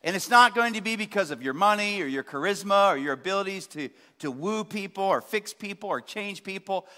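A pastor in his forties preaching to his congregation with passion. His voice sits high for a man and sounds bright and forceful. He swings from loud emphatic peaks to quieter, lower asides, and a long hall reverb trails his words. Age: 40s. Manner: impassioned preaching, rising to loud emphasis then dropping low. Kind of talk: sermon.

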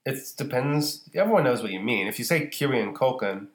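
A woman's voice: very deep voice, animated, a little fast, reverberant. A woman co-hosting a podcast, chatting casually in a playful, rambling way that often trails off. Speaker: podcast co-host. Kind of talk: casual chat.

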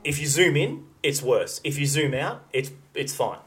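A man's voice: fairly high pitch, animated, normal speed, a bit bright, low-quality recording. Man, podcast co-host, casual chat, argumentative, stumbling restarts.

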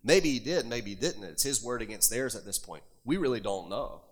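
A man's voice: medium pitch, animated, fairly quick. A man preaching a sermon, reading scripture aloud and pressing his points with rising emphasis. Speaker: pastor.

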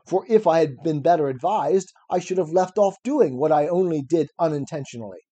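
A man's voice: on the high side, lively intonation, brisk, warm tone, slightly rough, highs cut off. A man reading aloud as an elderly male philosopher defending himself at trial, ironic and probing. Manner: cross-examining, probing, ironic. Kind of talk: reading a classic dialogue aloud.

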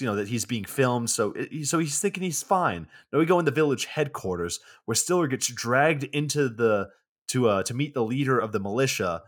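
A man in casual podcast chat, walking through a movie scene by scene in a loose, rambling way. He swears freely and fills gaps with "you know" and "like." His voice sits at a middling pitch for a man. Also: fairly bright tone. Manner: loose and profane, lots of fillers. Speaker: podcast co-host.

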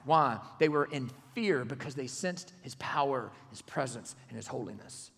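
A man preaching a sermon, swinging from loud exclamations to hushed near-whispers. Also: medium pitch, lively intonation, moderate pace, creaky, few pauses, slightly rough, long reverb tail.

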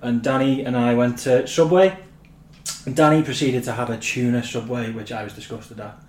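Playful host in an echoey room. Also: male voice, mid-range voice, steady tone, moderate pace, darkish tone, slight background noise. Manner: playful, asks questions, laughs. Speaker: podcast host. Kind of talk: casual chat. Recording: roomy echo with faint ambience.

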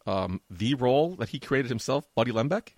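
Brief: middle-aged male podcast co-host, quick lively delivery, dry close sound, teasing. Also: medium pitch, no room sound. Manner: teasing, mock-offended, fast joking. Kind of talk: casual banter.

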